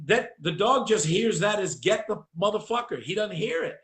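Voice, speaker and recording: A man's voice: high-pitched, moderate pace, echoey room. A man hosting a casual chat, telling dog-training stories with profanity and acted-out voices. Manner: profane, animated storyteller acting out voices.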